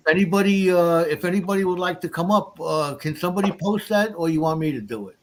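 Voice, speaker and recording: A man hosting a casual livestream, relaxed and talking through what he is doing as he goes. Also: sits high, fast talker. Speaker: livestream host. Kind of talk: casual live chat while panning.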